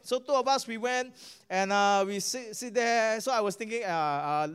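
A man's voice: high voice, moderate pace, few pauses, a bit bright, clear, resonant tone. A middle-aged man with a Singaporean English accent preaching a sermon and telling a testimony, often asking the audience "right?" and "guess what?".

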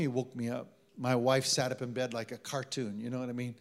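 A man's voice: medium pitch, little pitch movement, fairly quick, vocal fry, hardly any pauses. A man preaching a sermon to a live congregation, telling stories in a conversational way and calling on the audience to respond. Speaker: pastor.

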